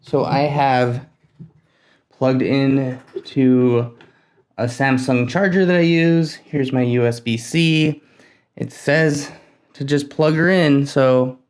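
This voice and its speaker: A man hosting a casual hands-on build vlog, talking to himself while he works, nervous and excitable. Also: mid-range voice, slow pace. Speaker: tech hobbyist host.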